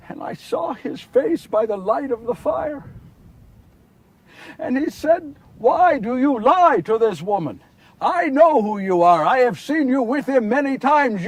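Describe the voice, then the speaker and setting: Actor as Peter the apostle: grieving, confessional, very high and breathy, mic a little distant. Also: male voice, dry recording, full character voice. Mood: anguished. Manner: confessional, swinging from hushed to impassioned. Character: Simon Peter, remorseful grown man apostle. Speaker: actor in a one-man biblical portrayal. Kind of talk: dramatic first-person monologue.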